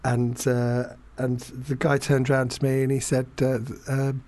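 A young adult man from England telling a long, self-deprecating anecdote in casual chat, halting often with fillers and restarts. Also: medium pitch, level tone, darkish tone, no echo. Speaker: podcast guest storyteller.

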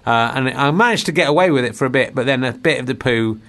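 Fast-talking jokey male podcast co-host. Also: mid-range voice, fairly bright tone. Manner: quick, jokey storyteller doing silly voices. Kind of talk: casual comedic chat.

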